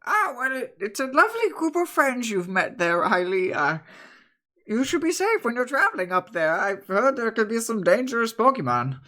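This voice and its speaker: A man's voice: very high-pitched, big pitch swings, normal speed, bright, forceful tone, pitched above the performer's own voice, exaggerated voice. A man voicing a fussy, motherly old bread woman who stammers and fills her talk with nervous uhs in a tabletop game. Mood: fretful. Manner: stammering, full of uhs, fretful.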